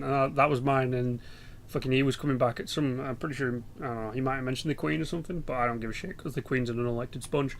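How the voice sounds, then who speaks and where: A man's voice: mid-range voice, fast talker. A young man with an English accent, rambling and swearing through casual game commentary. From England. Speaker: gaming YouTuber.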